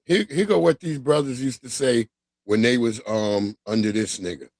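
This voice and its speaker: A man's voice: medium pitch, normal speed, a little mellow. A man hosts a livestream in a loose, offhand way, full of slang. His voice sits mid-range and sounds close and dry with no room echo. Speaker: livestream host. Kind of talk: casual livestream chat.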